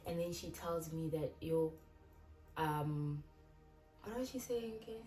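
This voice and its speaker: A woman's voice: low voice, takes it slowly. A young South African woman casually retelling a personal story, acting out the lines of the people in it. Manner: animated retelling, acting out quoted dialogue. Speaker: YouTuber. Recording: echoey room, distant mic, background music.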